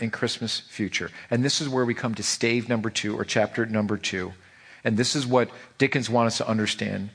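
A man preaching a sermon to his church, animated and emphatic, firing off rhetorical questions. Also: medium pitch, gravelly, slightly rough. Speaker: pastor.

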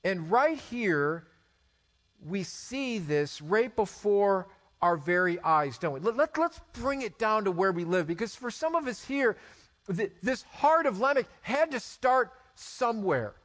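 A man in his forties preaching a sermon, animated, with rhetorical questions and stammered restarts. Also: sits high, unhurried. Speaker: pastor.

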